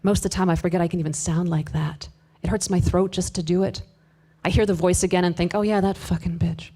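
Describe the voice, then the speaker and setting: A woman performing a live spoken word piece, confessional and wry, moving between hushed asides and emphatic bursts with sharp swearing. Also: lowish voice, fairly even intonation, fairly quick. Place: live event space with audience.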